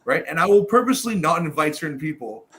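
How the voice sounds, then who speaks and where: A man's voice: on the high side, animated, fast, sharp tone. A man talking in a casual roundtable chat, ranting and swearing for emphasis.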